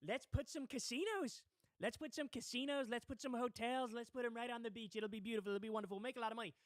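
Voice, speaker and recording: A man's voice: very high voice, fairly even intonation, fast talker, no echo, voice pushed up. A man putting on an impression of a boastful older male politician, with smug, breezy bragging.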